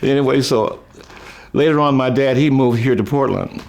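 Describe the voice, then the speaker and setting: An older man tells stories from his past in a loose, rambling way, chuckling between thoughts and often starting a phrase over. His voice sits at an ordinary middle pitch, and it jumps up high whenever he mimics someone else. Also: moderate pace, creaky, darkish tone. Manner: chuckling, folksy, trails off and restarts; raises his voice high when quoting others. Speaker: musician recalling his life. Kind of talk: rambling storytelling.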